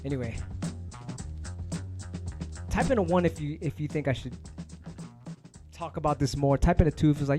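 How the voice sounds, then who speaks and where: A man's voice: fairly high pitch, normal speed, pauses often, over music. A man hosting his own stream, ranting casually to viewers in heated, profanity-laced street slang. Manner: emphatic, heated. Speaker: DJ and stream host.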